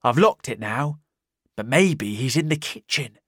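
A man's voice: medium pitch, animated, a little slow, a bit bright, no room sound, studio quality. A man voicing a worried village barman in a storybook reading. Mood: tense.

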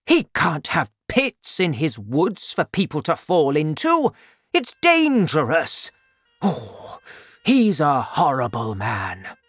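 A man voicing a kind village doctor over seventy for a storybook, who gets loud and worked up when outraged. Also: on the high side, takes it slowly, dry recording, clean studio sound, voice pushed up. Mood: indignant. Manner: excitable, raises voice when outraged.

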